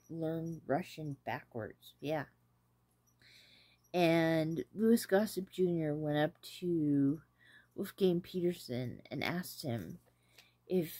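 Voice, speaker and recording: A woman hosting a casual talk about an old film, rambling and hesitant with many pauses. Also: deep voice, a little mellow, husky, no room sound. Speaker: host reviewing an 80s film. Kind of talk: casual chat.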